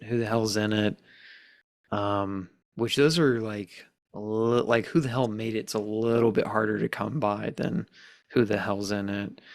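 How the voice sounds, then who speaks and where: A man's voice: lowish voice, no room sound, clean studio sound. A man co-hosting a casual film podcast, chatty and full of "like" and "um". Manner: chatty, lots of "like" and "um".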